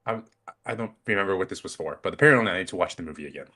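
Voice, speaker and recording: A man with a low voice and a bright, forceful edge. He drops wry asides into relaxed podcast banter. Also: racing. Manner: dry joking asides. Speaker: podcast co-host. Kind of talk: casual chat.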